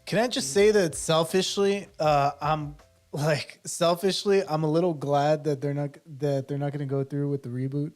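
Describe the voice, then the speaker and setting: A man's voice: a little high, fairly even intonation, normal speed, darkish tone, faint music behind. A man co-hosting a podcast in casual chat, laughing often and restarting his sentences. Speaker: podcast co-host.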